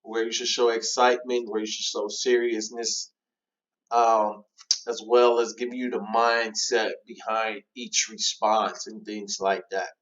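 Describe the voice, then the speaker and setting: A man giving a relaxed, casual walkthrough of a cold-call script, with many fillers as he coaches callers. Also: fairly low pitch, measured pace, highs cut off. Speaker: real estate trainer.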